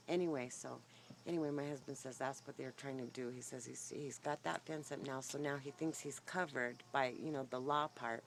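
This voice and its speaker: A woman's voice: extremely low pitch, fairly even intonation, a little fast, vocal fry, a little hiss or hum. A woman vlogging outdoors on her phone without a clip-on mic, telling a long rambling story full of fillers, her voice a little shaky. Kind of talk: casual rambling vlog. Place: outdoors by the horses. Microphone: phone's built-in mic, no clip-on mic.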